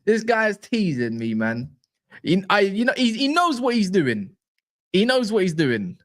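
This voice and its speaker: A young man with a high voice chats casually on a football fan live stream at a measured pace. He's animated and jokey, bantering in slang.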